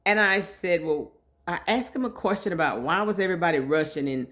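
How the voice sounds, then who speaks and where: A middle-aged woman telling a personal story in a casual, lively way, acting out the voices of the people she quotes. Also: lowish voice, fairly quick. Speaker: vlogger sharing her story.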